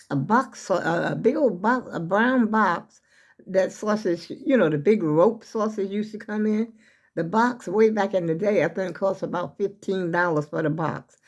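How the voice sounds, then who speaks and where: An older woman vlogging from her home kitchen, chatting in a meandering way straight to her viewers and sounding a little out of breath. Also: on the low side. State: slightly out of breath. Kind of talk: casual rambling vlog chat.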